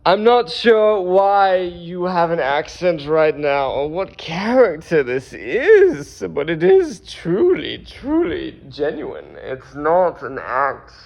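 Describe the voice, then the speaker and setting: A man voicing a loving channeled presence that speaks through him with a put-on accent, gasping and weeping between slow declarations. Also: fairly high pitch, sing-song, gravelly, darkish tone, pitched above the performer's own voice, heavily acted. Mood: ecstatic. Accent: unplaced put-on accent. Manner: gasping, weeping, drawn-out emotional outbursts. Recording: dull lo-fi recording.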